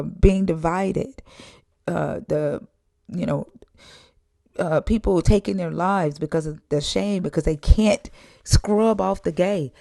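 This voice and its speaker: A woman's voice: medium pitch, darkish tone, no room sound, studio quality. A woman telling stories in a blunt, profane, heated way, in candid conversation.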